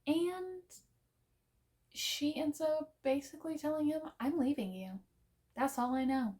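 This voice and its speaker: A woman's voice: high-pitched, unhurried, darkish tone. A young woman chatting casually to camera about books she wants to read, playful and self-deprecating. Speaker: book vlogger. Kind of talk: casual to-camera book chat.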